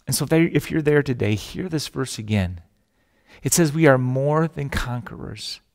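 A man's voice: mid-range voice, lively intonation, moderate pace, long reverb tail. A man preaching a sermon as a pastor, telling stories with jokes and acting out the voices in them. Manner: storytelling with jokes, acts out voices in quotes.

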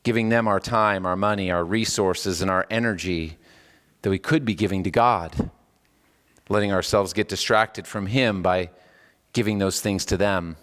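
A male pastor preaching a sermon in a church. He swings between raised, emphatic lines and low, solemn ones, with casual asides between scripture readings. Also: moderate pace, long reverb tail. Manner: animated preaching with wide swings in pitch and loudness, dropping low on solemn words. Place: church sanctuary.

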